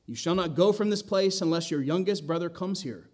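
A stern ancient governor speaking with cold, formal authority, as a pastor reads his words aloud. He accuses strangers flatly and slowly, in a slightly raised voice. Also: high-pitched. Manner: accusing, formal scripture reading. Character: stern powerful governor, adult man.

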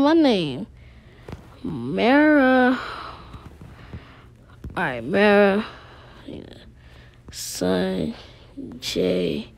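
A woman's voice: mid-range voice, very animated, very slow, vocal fry, pauses often, a little hiss or hum. A woman talking casually to viewers while playing a life-sim game, rambling in slang. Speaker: gaming vlogger. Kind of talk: casual game commentary with role-play.

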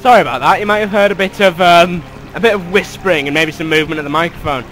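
A man's voice: high-pitched, fast, fairly bright tone, faint music behind, rough recording. A young man commentating a video game from his bedroom, sarcastic and sweary. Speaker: gamer. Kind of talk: let's play commentary. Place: bedroom at home.

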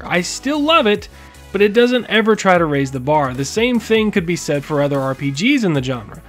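High-voiced man, emphatic game commentary. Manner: emphatic, indignant, sarcastic. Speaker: gaming YouTuber. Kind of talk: opinionated commentary.

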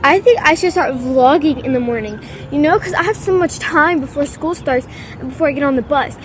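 A teenage girl talks to her camera outdoors, rambling casually from one thought to the next. Her voice sits high, and there is faint noise in the background. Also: a little fast. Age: teens. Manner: chatty, rambling. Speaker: vlogger. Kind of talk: casual vlog. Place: outdoors by a tennis court.

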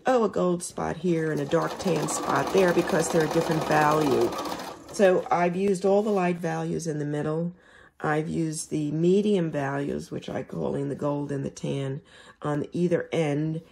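A woman's voice: sits low, fairly even intonation, moderate pace, gravelly, a little mellow, slightly rough. A woman teaching quilting, chatting casually to viewers as she sews. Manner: chatty, talks to viewers while working. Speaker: quilting instructor. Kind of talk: casual sewing tutorial.

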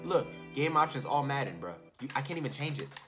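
A young man giving excited, slangy commentary over his own football video game, shouting and chanting at big plays and muttering low in between. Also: brisk. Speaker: gaming YouTuber. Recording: game music behind the voice.

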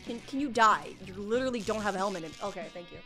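A woman's voice: medium pitch, expressive, rapid-fire. A young woman streaming a game live, panicking, exclaiming and pleading with the game as she plays. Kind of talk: live gameplay commentary. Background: game music.

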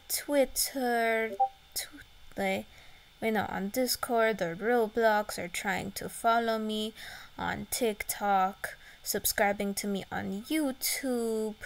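Slow-talking woman with a put-on Russian accent. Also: a little high, rough recording. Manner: blunt, cursing, dismissive. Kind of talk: vlog rant to the camera.

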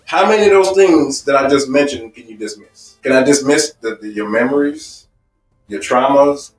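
A man's voice: medium pitch, moderate pace, echoey room, far from the mic, soft background music, low-quality recording. A man teaching a marriage seminar in an emphatic, repetitive way, building points with personal stories. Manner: emphatic and repetitive, stacking phrases. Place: seminar room.

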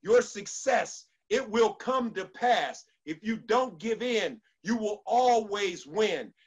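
A man's voice: high-pitched, fairly bright tone, breathy edge. A man giving a motivational speech to an online audience, preacherly, repeating lines for emphasis and leading call-and-response. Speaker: motivational speaker.

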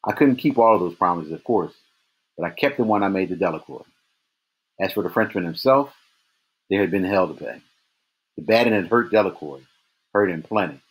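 A man reading a novel aloud in steady first-person narration. His voice is very low and husky, with a breathy edge that stays the same from line to line. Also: fairly quick, pauses often. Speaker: reader.

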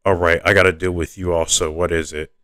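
A man's voice: sits low, level tone, fairly quick, fairly bright tone, clean tone, no room sound. A man reading aloud and voicing a proud, condescending young princess who lectures the others in a lofty tone. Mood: stern.

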